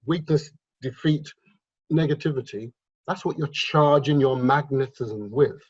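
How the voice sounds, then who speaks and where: Husky-voiced man, mid-pitched, for an emphatic motivational vlog talk; dull lo-fi sound. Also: unhurried. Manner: emphatic, repetitive, lecturing. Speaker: wealth mindset vlogger. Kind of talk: motivational monologue.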